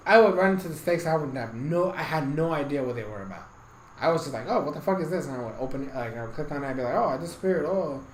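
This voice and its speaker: A man's voice: a little high, echoey room, slight background noise, poor audio. A man giving a casual, rambling game review, swearing constantly and getting heated, with bursts of laughter.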